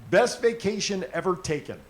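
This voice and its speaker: A man's voice: high voice, animated, moderate pace. A man hosting a casual live stream, asking long, jokey questions. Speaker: host.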